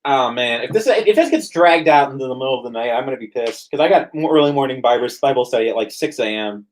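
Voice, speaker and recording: A man's voice: medium pitch, animated, quick pace. A man hosting a casual livestream chat while drinking, rambling with stammered restarts. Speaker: stream host.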